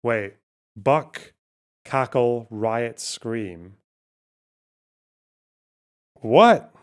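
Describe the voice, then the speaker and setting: A man's voice: lowish voice, a little slow, vocal fry. A man streaming live, thinking aloud as he plays a word puzzle, swearing often and talking to his chat. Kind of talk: casual live-stream talk while playing a word puzzle.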